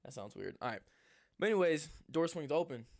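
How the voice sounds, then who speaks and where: A young man telling a storytime vlog in a rambling, animated way, swearing freely. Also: a little high, a little fast, gravelly. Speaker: vlogger.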